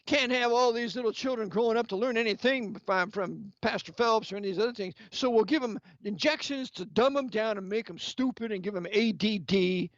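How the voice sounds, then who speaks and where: High-voiced angry man preaching. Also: brisk, hardly any pauses, a bit bright, dry recording. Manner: angry, emphatic, rhetorical questions. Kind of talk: impassioned sermon-style lecture. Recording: dull, lo-fi, dry sound.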